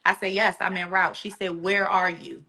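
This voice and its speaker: A woman guest telling an emotional personal story, animated and acting out the voices of the people she quotes. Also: medium pitch, normal speed.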